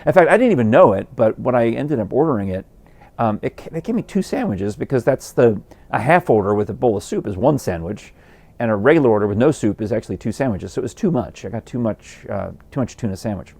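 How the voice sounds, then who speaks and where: Rambling male podcast host, lively pitch. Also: fast, vocal fry, dry recording. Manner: rambling, amused, many fillers. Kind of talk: casual storytelling. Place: home porch.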